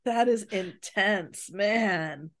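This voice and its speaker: Slow-talking woman reacting with laughs. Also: mid-range voice, fairly bright tone. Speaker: podcast co-host. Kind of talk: casual chat.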